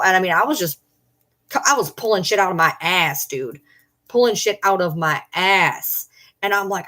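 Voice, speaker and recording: A woman's voice: on the low side, normal speed. Blunt, profane middle-aged woman streamer. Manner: blunt, profane, animated retelling. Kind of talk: casual livestream storytelling.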